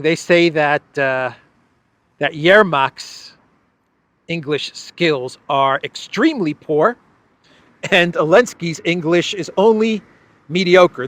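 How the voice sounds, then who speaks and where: A man hosting a political commentary show, speaking in a sardonic, halting way and chuckling often as he talks. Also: fairly high pitch, dry recording. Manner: halting, many restarts. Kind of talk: casual news commentary.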